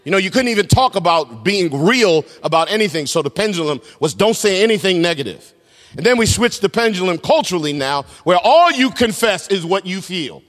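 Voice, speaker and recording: A middle-aged man preaching a sermon as pastor, swinging between loud shouts and hushed low tones. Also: very animated, a little fast, in a large hall. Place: large church sanctuary.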